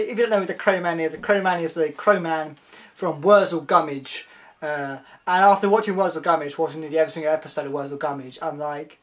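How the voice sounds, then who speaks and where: A woman giving a casual spoken review, excitable and rambling, often giggling as she talks. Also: fairly low pitch, quick pace. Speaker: video reviewer.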